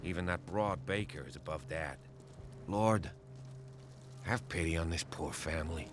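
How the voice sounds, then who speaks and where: A man's voice: low-pitched, unhurried, noisy background. An actor playing a grieving, solemn man in a video game, who speaks in a somber, disapproving way. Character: grieving solemn man at a family burial site. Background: game music.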